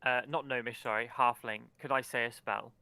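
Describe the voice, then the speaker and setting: A man's voice: mid-range voice, fairly even intonation, a little fast, bright, forceful tone, clear, resonant tone, dry recording. A man playing a character at a tabletop game, hesitant and apologetic with stammered restarts. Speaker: player.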